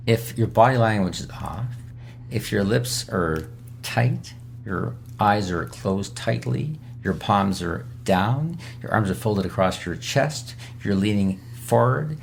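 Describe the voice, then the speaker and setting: On an emergency medicine podcast, a male guest expert gives emphatic advice on dealing with difficult patients, acting out their lines as quotes in an interview-style teaching format. His voice is lowish with vocal fry, and there's slight background noise.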